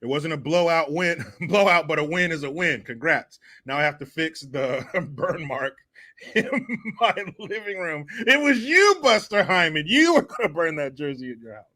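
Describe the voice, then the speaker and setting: A man's voice: a little high, big pitch swings, moderate pace, sharp tone. A man hosting a profane comedy commentary show, laughing often, cursing and mocking the clips he reacts to.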